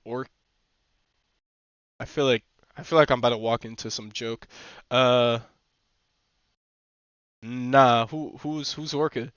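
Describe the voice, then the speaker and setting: A young man streaming a game, chatting casually with teammates, excitable, swearing and laughing often. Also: mid-range voice, takes it slowly, long pauses, clean tone, no echo. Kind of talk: casual gaming chat with teammates. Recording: slightly muffled dry stream mic.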